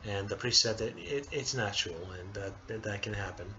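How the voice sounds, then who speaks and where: A young man vlogging a casual personal update, halting and hesitant, tearful as he talks. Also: lowish voice, muffled recording, noisy background. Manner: halting, hesitant, many restarts and apologies.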